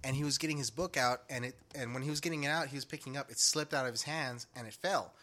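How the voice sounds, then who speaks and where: A young man telling a story in casual chat with friends, animated, laughing often and swearing freely. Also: medium pitch, fast talker.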